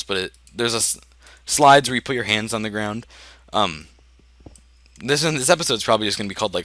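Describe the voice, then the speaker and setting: A teenage boy hosting a gaming video tells rambling stories as he plays, laughing often and filling his speech with ums and restarts. His voice is lowish with a sharp tone.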